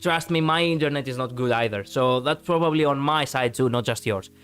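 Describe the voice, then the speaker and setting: A man's voice: medium pitch, brisk, fairly bright tone, smooth, faint music behind. A man from Greece with a Greek accent, chatting casually with viewers on a live stream, rambling with many fillers and restarts and laughing easily.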